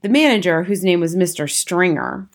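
A woman narrating a children's storybook aloud in the first person, with a lively, expressive reading. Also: lowish voice, moderate pace. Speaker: audiobook narrator.

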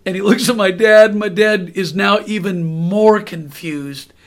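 A man in his sixties, a podcast host, telling a story in a lively way and chuckling now and then. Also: high-pitched, measured pace. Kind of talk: storytelling anecdote.

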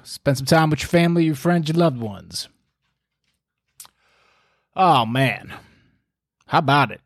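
A man's voice: fairly high pitch, expressive, measured pace, no echo, studio quality. A man giving a casual, folksy faith talk, preachy and full of fillers.

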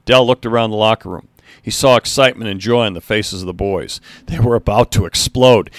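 A man's voice: on the low side, brisk, no room sound, clean studio sound. A man narrating a story, reading steadily and now and then correcting a slip.

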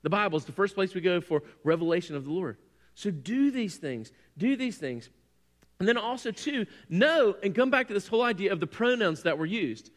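Animated preacher man in an echoing church. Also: sits high, fairly quick. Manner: animated, self-deprecating, acts out quotes. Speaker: pastor. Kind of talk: sermon.

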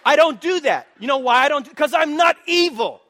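Brief: male pastor, high bright voice, animated humorous sermon delivery. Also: fairly quick. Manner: animated, humorous preaching with direct questions to the congregation.

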